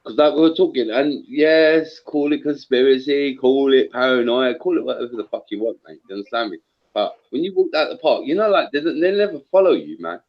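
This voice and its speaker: A man's voice: mid-range voice, a little fast. A man in a heated casual chat, swearing freely and telling stories with lots of slang. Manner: profane, animated storytelling with slang. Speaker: voice chat participant. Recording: dull lo-fi online audio.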